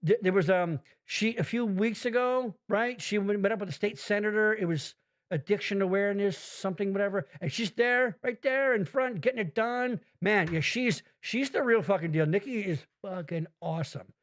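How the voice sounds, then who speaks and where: Podcast host, male, high pitch, loose profane rambler who slips into character voices. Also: moderate pace. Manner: rambling, profane, animated storytelling with put-on voices. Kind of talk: casual chat.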